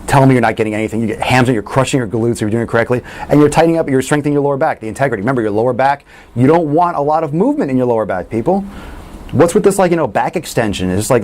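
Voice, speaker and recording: A man coaching fitness in a casual question-and-answer talk, blunt and animated, swearing freely. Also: mid-range voice, very fast.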